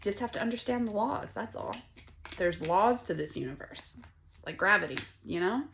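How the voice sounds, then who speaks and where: A woman's voice: medium pitch, animated, moderate pace, creaky, a bit bright, a little hiss or hum. A woman giving a casual tarot reading, talking bluntly and profanely in a rambling, conversational way. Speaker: tarot reader.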